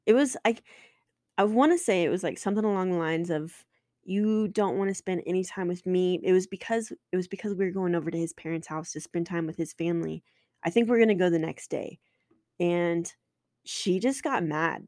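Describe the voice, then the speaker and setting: A woman's voice: fairly low pitch, moderate pace, darkish tone, no room sound, studio quality. Candid woman telling a personal story. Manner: candid, emotional, swears, many restarts. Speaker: podcast host.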